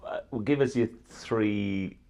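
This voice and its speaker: Deep-voiced man asking eager questions. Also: slow, a little mellow. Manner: eager, hesitant questioner with restarts. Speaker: interviewer, TV presenter. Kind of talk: live on-stage interview. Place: museum lecture theatre.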